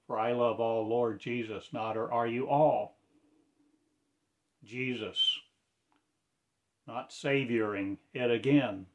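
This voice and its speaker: A man performs a spoken-word monologue in slow, drawn-out fragments. His delivery is incantatory, with preacher-like phrasing, in a mid-range voice. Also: medium pitch, slight background noise.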